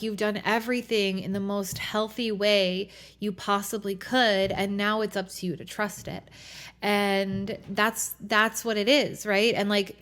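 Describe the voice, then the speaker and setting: A young adult woman hosting her own podcast, talking in a casual, reflective way with many fillers. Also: medium pitch. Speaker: podcast host. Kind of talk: reflective solo podcast talk.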